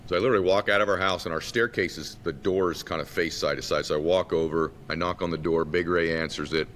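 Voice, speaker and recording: A man's voice: fast, few pauses. A man from Massachusetts, a guest telling a childhood story animatedly and acting out the voices. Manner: animated storyteller who acts out quotes. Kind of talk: storytelling in a conversation. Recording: long reverb, faint rumble.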